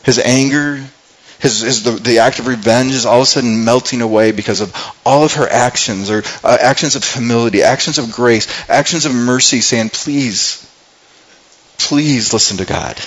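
Male pastor, mid-pitched, earnest sermon delivery, casual paraphrase. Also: a little fast, poor audio. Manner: earnest, paraphrasing scripture in everyday speech, frequent restarts.

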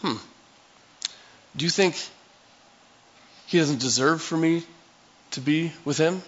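A man voicing a calm, gentle adult male Jesus in an easygoing, kindly questioning way. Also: a little high, slow pace, highs cut off.

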